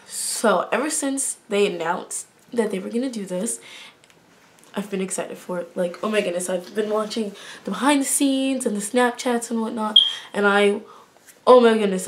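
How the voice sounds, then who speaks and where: A young woman vlogging a review, gushing and bubbly, full of exclamations, and sarcastic by her own account. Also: a little high. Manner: gushing and bubbly, many fillers like "oh my goodness"; self-described sarcastic. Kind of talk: excited casual review vlog.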